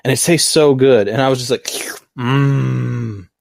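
A man's voice: mid-range voice, fast, no echo, studio quality. An American man hosting a casual video-call chat, easygoing and chatty. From United States. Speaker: podcast host.

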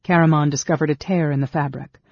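A man giving a steady, measured audiobook reading of a fantasy novel. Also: on the high side, gravelly, no room sound. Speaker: audiobook narrator. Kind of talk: scripted narration. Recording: dull, dry studio sound.

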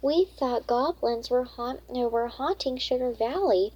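A woman's voice: fairly high pitch, slightly rough, lo-fi sound. A woman voicing an impulsive young girl fairy who blurts things out, in a storybook read-aloud. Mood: eager. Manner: quick and blurting.

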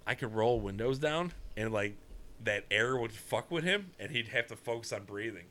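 A man spins a story in loose, profane chat, animated and quick to laugh. His voice sits a little low but comes out bright and forceful.

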